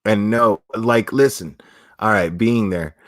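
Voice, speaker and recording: A man's voice: on the low side, takes it slowly, dry recording, studio quality. A man from South Florida with a South Florida accent, chatting casually on a livestream and answering comments in a rambling, profane way with many restarts. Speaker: streamer.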